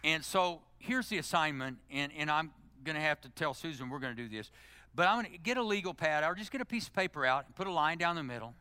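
A middle-aged male pastor delivering a sermon, swinging from loud, emphatic exhortation to hushed, intimate prayer. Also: a little high, fast, clear, resonant tone, no echo. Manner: animated preaching, climbing to loud emphasis then dropping to hushed, intimate prayer.

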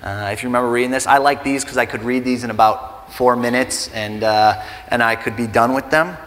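Brisk and a bit bright, this mid-range male voice belongs to a pastor in his thirties delivering a sermon. He talks conversationally before rising to earnest emphasis, in a reverberant church sanctuary where faint music plays.

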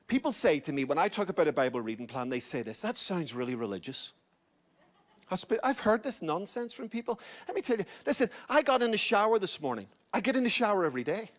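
A man's voice: high-pitched, sing-song, fast talker. A middle-aged male pastor preaching a sermon, urging his listeners and repeating key phrases.

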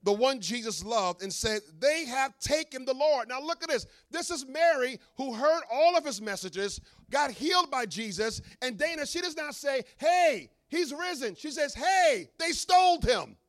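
A man with a very high voice preaches a sermon, animated and full of humorous asides. He is a middle-aged pastor who draws his listeners in with questions and jokes. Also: moderate pace, few pauses.

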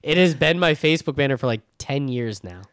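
A man's voice: medium pitch, animated, brisk, a bit bright, clean tone, no room sound. Chatty young man, dry close sound. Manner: enthusiastic, swears casually, says dude a lot. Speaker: podcast host. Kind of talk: casual chat.

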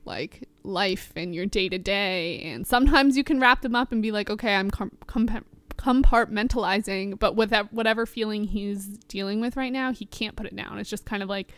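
Chatty woman with a smooth voice. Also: medium pitch, moderate pace, few pauses, a bit bright, no echo. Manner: chatty, many "like" fillers. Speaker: podcast host. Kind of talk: casual podcast chat about song lyrics.

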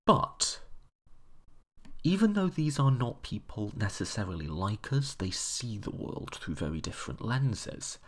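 A man with a low, husky voice talks through history like a relaxed lecture. His delivery is chatty and eager, with a lively rise and fall and a gravelly edge. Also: measured pace. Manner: chatty and enthusiastic, with fillers and self-corrections. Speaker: history presenter. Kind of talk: casual lecture-style explanation.

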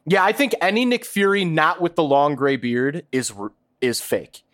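A fairly high-pitched man co-hosts a podcast in a laid-back way. He gropes for words, restarts his sentences, and fills pauses as he works through his ideas. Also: fairly bright tone. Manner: hesitant, lots of ums and restarts, laid-back. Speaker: podcast co-host. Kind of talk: casual chat.

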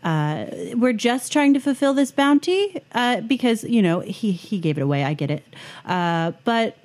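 A woman running a tabletop game as game master, speaking in a halting way with many fillers. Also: fairly high pitch, sing-song, a little mellow.

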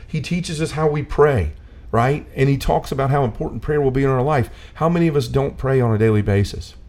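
A man's voice: medium pitch, fairly quick, a little mellow. A man talking earnestly about faith in a casual discussion, full of "like" fillers, building to a preachy intensity.

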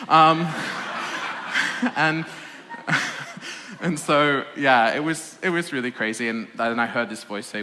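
A man giving a personal testimony talk to an audience in a hall, animated and laughing often, with a self-deprecating humour. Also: mid-range voice, slow. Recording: reverberant hall.

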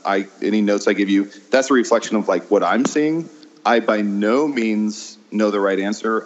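Man, low-ish voice, halting with ums, dull lo-fi recording; self-deprecating guest. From American Midwest. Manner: hesitant, many ums, laughs at himself. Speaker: improv teacher and guest. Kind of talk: casual interview chat. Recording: dull lo-fi sound.

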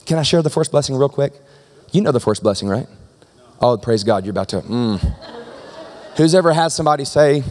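A man's voice: mid-range voice, a little fast, long pauses. Man preaching in a reverberant hall. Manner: animated, conversational preaching with rhetorical questions to the crowd. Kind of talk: sermon. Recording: long reverb of a large hall.

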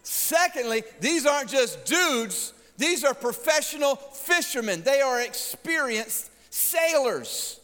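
Animated pastor, high voice. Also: male voice, slow pace, few pauses. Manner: animated, joking, acts out voices. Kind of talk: sermon. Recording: long hall reverb.

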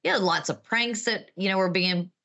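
A woman's voice: fairly low pitch, moderate pace, sharp tone. A woman in her fifties with a Texan accent, a guest chatting casually and nostalgically about her school days, talkative and laughing often. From Texas. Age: 50s. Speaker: guest, former class president.

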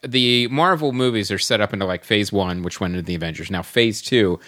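A man hosting a podcast in casual chat, halting and filler-heavy while he explains. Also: fairly low pitch, fairly bright tone, no echo, studio quality. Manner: hesitant, many fillers and restarts. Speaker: podcast host.

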